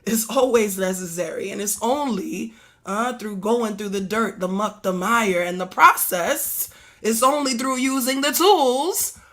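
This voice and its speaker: A woman from Harlem, New York, leads a prayer service, preaching in rhythmic call-and-response with repeated exhortations, chanted prayers and song. Her slightly hoarse voice is medium in pitch and fairly bright, and her pace is measured.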